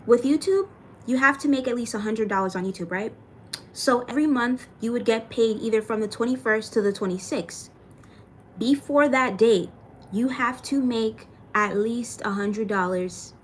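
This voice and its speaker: A woman's voice: fairly high pitch, moderate pace, a little hiss or hum. A young adult woman chatting casually on a livestream, thanking viewers by name and swearing now and then. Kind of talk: casual livestream chat reading comments.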